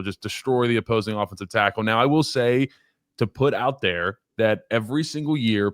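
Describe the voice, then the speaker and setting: A man talking football on a casual podcast, his voice sitting a little low. He rambles, repeats his words and laughs at his own stories. The sound is dry and close to the mic. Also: a bit bright, no echo. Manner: rambling, self-deprecating, laughs while telling stories. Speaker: former college offensive lineman, guest. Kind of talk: casual sports podcast talk.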